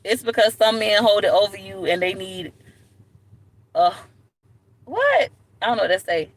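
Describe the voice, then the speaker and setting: A woman telling stories to camera in a blunt, animated way, often calling viewers "baby". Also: mid-range voice, normal speed. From Florida, USA. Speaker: vlogger. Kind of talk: casual storytelling to camera.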